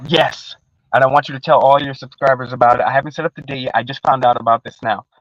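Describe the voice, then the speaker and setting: A man's voice: mid-range voice, quick pace, no echo, lo-fi sound. A man in casual live-stream panel chat, rambling and profane, with lots of slang and restarts, on a video call. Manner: restarts often, animated.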